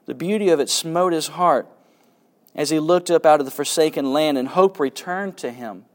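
A man's voice: fairly high pitch, normal speed. Man reading aloud with dramatic swings. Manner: dramatic reading, rising with excitement and dropping to a hush. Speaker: literature lecturer. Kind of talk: lecture with expressive reading aloud.

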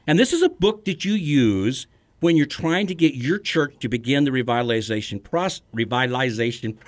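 A man's voice: medium pitch, lively intonation, normal speed. A middle-aged man, a pastor hosting a podcast, who teaches in an earnest, storytelling way and chuckles between points.

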